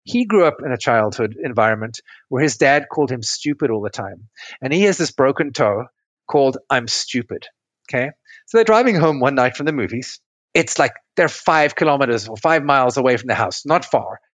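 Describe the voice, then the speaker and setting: A man's voice: mid-range voice, lively intonation, brisk, no echo. A middle-aged man, a relationship coach, explaining couple patterns step by step in an interview over a remote call. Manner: explanatory, tells client stories step by step. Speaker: relationship coach and podcast guest.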